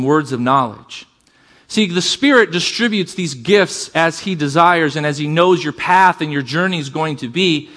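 Man, pastor, sermon, somewhat high pitch, energetic, calls for amens. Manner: energetic preaching, calls for amens, varies pace and volume.

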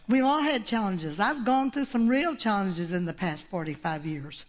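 A woman's voice: mid-range voice, expressive, normal speed, hardly any pauses. An older woman preaching a sermon, folksy and exclamatory, with laughs between her points.

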